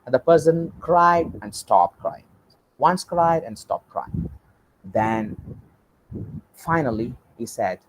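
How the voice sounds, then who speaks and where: A man's voice: takes it slowly, pauses often, slight background noise, rough recording. A man giving an online lecture, telling a story and acting out its characters. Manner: animated, acts out story characters with big pitch swings. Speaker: guest lecturer.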